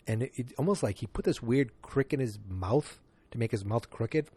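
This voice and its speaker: A man's voice: medium pitch, animated, moderate pace, warm tone, slightly rough, dry recording. A man hosting a casual movie review podcast, talking in a loose, rambling way with lots of fillers and restarts. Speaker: podcast host.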